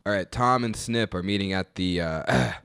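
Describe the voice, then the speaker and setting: A man narrating a role-play scene, halting with fillers. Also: fairly low pitch, creaky, fairly bright tone, clear, resonant tone, dry recording, clean studio sound.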